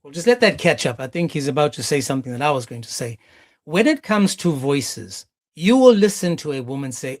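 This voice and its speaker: A man hosting a live reaction stream, animated and mocking, with exclamations. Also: on the high side, moderate pace.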